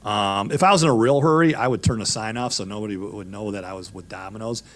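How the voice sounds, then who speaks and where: A middle-aged man hosting a law talk show, chatting casually in a rambling, jokey way full of shout-outs. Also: lowish voice, fast. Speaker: lawyer and show host. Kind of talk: casual chat.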